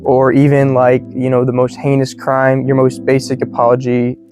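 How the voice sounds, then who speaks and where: An American man teaching English in a relaxed, slangy way, full of "you know" and "like". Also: medium pitch, moderate pace. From United States. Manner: laid-back, slangy, many fillers like "you know" and "like". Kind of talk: casual explanatory lesson. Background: faint guitar music.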